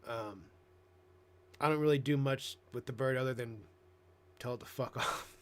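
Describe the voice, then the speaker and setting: A man chatting casually on a live stream, rambling and swearing, now and then jumping into excited high voices. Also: moderate pace, a little hiss or hum. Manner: profane, rambling, bursts into excited squeaky voices mimicking himself. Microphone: headset.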